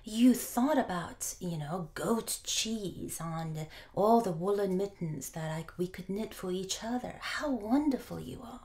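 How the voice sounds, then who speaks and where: A woman's voice: mid-range voice, lively intonation, a little slow, hardly any pauses, darkish tone. A woman preacher voicing a loving peasant wife who gushes with delighted praise for her husband. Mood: adoring.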